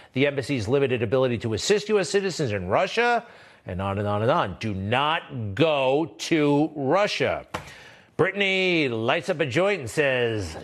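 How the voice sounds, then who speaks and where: A man hosting political commentary, talking in a mocking, scornful way with chuckling asides. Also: mid-range voice. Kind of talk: opinionated commentary.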